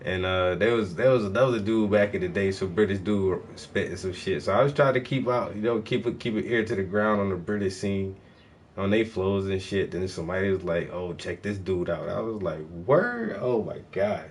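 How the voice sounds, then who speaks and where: Man with a very deep voice for a casual, slangy livestream. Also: a little fast, slight background noise. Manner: laid-back slangy talk, lots of "bro" and "yo". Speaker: livestreaming painter.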